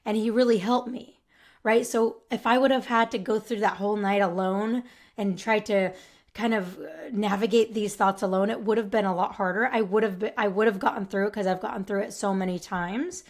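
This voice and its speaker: A young adult woman speaks on her own podcast in a casual, earnest way. Her voice sits at an ordinary middle pitch, and she keeps reassuring the listener with frequent tag questions. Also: steady tone, a little fast. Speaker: podcast host. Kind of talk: casual solo podcast advice.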